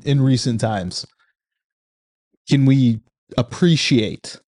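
A man's voice: medium pitch, darkish tone. A man casually reviewing a book, reflective and conversational, often restarting his sentences.

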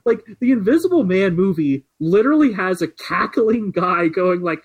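A man's voice: high-pitched, expressive, moderate pace, hardly any pauses, husky, rough recording. A man co-hosting a casual podcast chat, rambling with many filler words. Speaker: podcast co-host.

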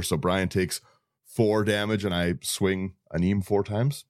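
A man's voice: low-pitched, steady tone, normal speed, no room sound, studio quality. A man co-hosting a casual group podcast, talking through game strategy with frequent restarts and repeated words. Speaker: podcast co-host. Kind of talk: casual group chat about a card deck.

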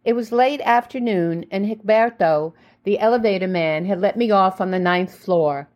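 A woman reading her own memoir in the first person, with measured, reflective storytelling. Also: medium pitch, muffled recording. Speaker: memoir narrator.

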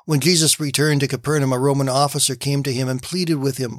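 A man's voice: mid-range voice, fairly even intonation, fast talker, few pauses, no echo, studio quality. A man hosting a short daily devotional, telling stories and reading scripture in an easygoing, conversational way. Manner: easygoing, conversational, inviting listeners to relax. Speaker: host of a daily devotional program. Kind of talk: short devotional talk with storytelling.

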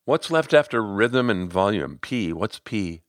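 A man reading the lines of a curious woman team leader, voiced as an eager, lightly playful questioner in his own deep voice. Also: expressive, measured pace, no room sound, clean studio sound.

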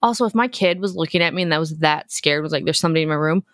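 A woman in her thirties co-hosting a podcast, recapping a horror film in a lively, profane, joking way. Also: low voice, very fast, dry recording, studio quality. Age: 30s. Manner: profane, animated storytelling. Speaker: podcast co-host.

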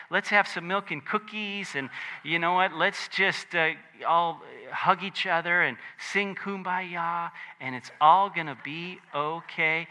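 A man in a sermon putting on the voice of a gentle Jesus reassuring frightened followers. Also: high-pitched, exaggerated voice, poor audio. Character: gentle, soothing Jesus comforting scared men.

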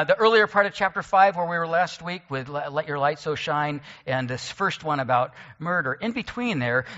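A man's voice: a little high, pushed and bright, in a large hall, muffled recording. A man preaching a sermon as a pastor, explaining scripture in a conversational way with occasional joking asides. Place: church sanctuary.

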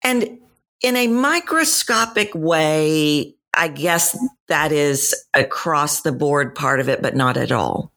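Low-voiced Texan woman, storytelling. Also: takes it slowly. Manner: animated storyteller, acts out quoted voices. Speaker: voice and dialect coach. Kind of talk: podcast interview answers.

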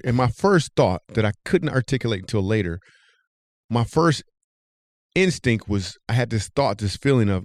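A man hosting a podcast, telling a comic story with animated delivery. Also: moderate pace, no room sound, studio quality. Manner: animated, jumps high when telling the punchline. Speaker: comedian and podcast host.

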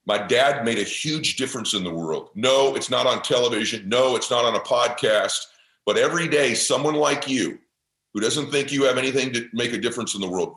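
A man's voice: lowish voice, fairly bright tone, echoey room, rough recording. A middle-aged man and podcast guest, telling a personal story in an intense, passionate and earnest way. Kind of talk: motivational storytelling.

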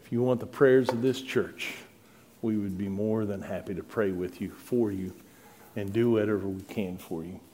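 Middle-aged guy preaching, earnest and pleading, gets loud and dramatic at the big moments. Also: fairly low pitch, normal speed, slight background noise. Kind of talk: sermon.

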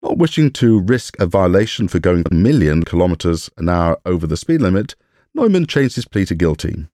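A man's voice: sits low, sing-song, a little fast, warm tone, dry recording. A man hosting a podcast, reading a scripted science explainer with dry humor and jokey asides. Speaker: podcast host.

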